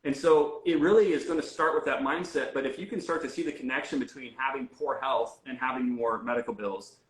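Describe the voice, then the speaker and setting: A man's voice: mid-range voice, brisk, echoey room, low-quality recording. A man speaking as a guest health coach in an interview, talking casually with many fillers and restarts. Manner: conversational, frequent fillers and restarts.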